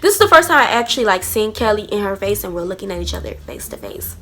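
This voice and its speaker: A young woman telling a blunt, profane storytime vlog with animated energy. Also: mid-range voice, fast talker. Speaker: vlogger.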